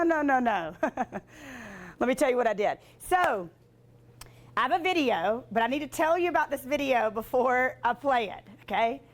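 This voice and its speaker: A woman giving a motivational talk, telling stories in a chatty way with lots of fillers and self-deprecating humor. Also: sits high. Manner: chatty, filler-heavy with frequent "like". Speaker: motivational speaker and sportscaster.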